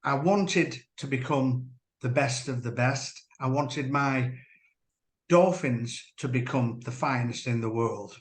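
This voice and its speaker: A man, a former dolphin trainer, giving earnest personal testimony as an interview guest, measured and halting with restarts. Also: mid-range voice. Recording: roomy echo.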